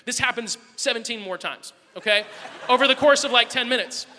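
A man preaching a sermon, telling a family story with animated swings between loud bursts and soft asides. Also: very high-pitched, fairly quick, in a large hall, a little hiss or hum. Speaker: pastor.

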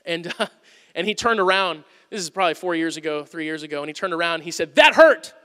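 A man preaching a conversational sermon, going from loud emphasis to quiet asides. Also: a little high, fairly even intonation, fast, clean tone. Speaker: pastor. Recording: long hall reverb.

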